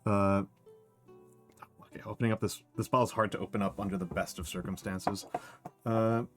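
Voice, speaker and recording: Low-ish guy streamer, tired, rambly casual chat, faint music under it. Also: moderate pace. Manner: relaxed, rambling, restarts and trails off. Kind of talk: casual chat while practicing a skill on stream.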